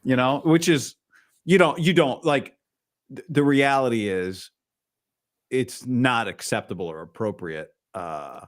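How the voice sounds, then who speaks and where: A man's voice: medium pitch, measured pace. A man hosting a casual sports podcast, talking in a rambling way with restarts mid-thought. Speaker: podcast host.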